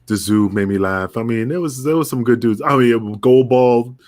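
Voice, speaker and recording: A middle-aged man tells rowdy stories on a wrestling podcast. His voice sits at an ordinary pitch. He talks loose and animated, cursing freely and jumping into the voices of the people he describes. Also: moderate pace. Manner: animated, acts out quoted voices, swears freely. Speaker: podcast guest, pro wrestler. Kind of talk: casual storytelling chat.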